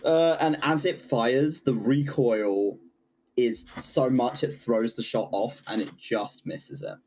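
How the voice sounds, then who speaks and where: A man's voice: mid-range voice, slow, darkish tone. A man running a tabletop game as game master, describing the action and explaining rules in a chatty way and laughing often. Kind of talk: narrating a tabletop game over voice chat.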